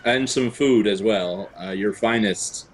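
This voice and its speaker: A man's voice: fairly low pitch, takes it slowly. A man playing a character in a tabletop game, speaking hesitantly and politely. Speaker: player.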